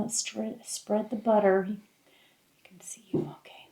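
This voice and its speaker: A woman's voice: mid-range voice, sing-song, unhurried, pauses often, a bit bright, a little hiss or hum. A woman hosting a home cooking vlog, chatting playfully and laughing often in her kitchen. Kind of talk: casual chat.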